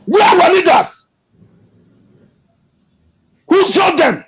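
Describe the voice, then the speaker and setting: A man giving an emotional, impassioned political rant, repeating himself and shouting in anger. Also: very high voice, big pitch swings, very slow. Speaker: activist speaking to an interviewer. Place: abroad. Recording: dull lo-fi recording.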